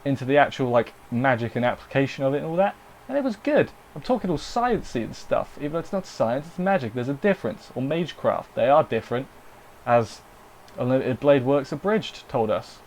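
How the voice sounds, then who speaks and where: A man's voice: mid-range voice, very animated, a little fast, darkish tone, a little hiss or hum. A man giving a casual, rambling anime episode review. He corrects himself often and mock-quotes the characters.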